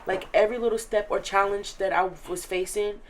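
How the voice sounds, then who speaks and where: An eighteen-year-old woman speaks as an interview guest in a middle-pitched voice. She is earnest and emotional, and fills her sentences with "like". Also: fairly even intonation, fairly quick, slight background noise. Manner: earnest and emotional, many filler likes. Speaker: interview guest, recent high school graduate. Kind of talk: casual interview chat.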